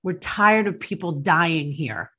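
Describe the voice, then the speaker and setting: A woman hosts a casual podcast chat with a bright, forward voice. She talks in a fervent, emphatic way and gets emotional. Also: lowish voice, takes it slowly, husky. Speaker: podcast host.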